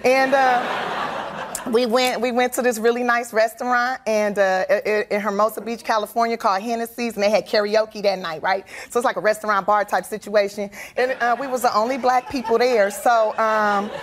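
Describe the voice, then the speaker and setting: A woman guest telling comic stories from her life, animated and laughing, acting out the people in them. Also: on the high side, moderate pace, background noise. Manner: animated, laughing, acts out other voices. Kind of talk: comic storytelling in conversation.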